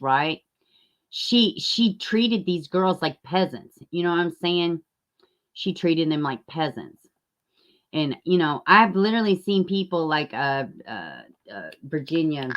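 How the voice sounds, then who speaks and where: A woman's voice: deep voice, lively intonation, slow. A woman hosting a true crime livestream, chatting casually and reading viewer comments, blunt and profane, flaring into heated rants.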